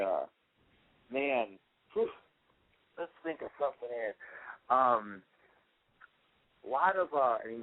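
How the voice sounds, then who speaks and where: A young man, a wrestler, rambling and laughing through a casual phone interview. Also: mid-range voice. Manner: rambling, laughing often, many fillers. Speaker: wrestler guest. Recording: tinny phone line.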